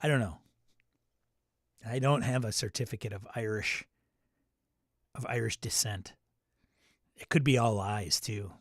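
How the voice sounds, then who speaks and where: A man's voice: lowish voice, unhurried, pauses often, dry recording, clean studio sound. A man with a Midwestern American accent who hosts a casual livestream chat, joking, rambling and answering his chat. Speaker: host.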